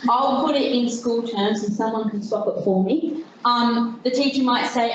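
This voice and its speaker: A young woman speaks informally to an audience, rambling a little and stopping to restart her sentences. Her voice sits a touch high. The recording is dull and very echoey, as if taken in a big hall with faint background noise. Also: fairly even intonation, a little slow, hardly any pauses, far from the mic. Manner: chatty, self-deprecating, many fillers and restarts. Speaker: guest speaker. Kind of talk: informal presentation to a group.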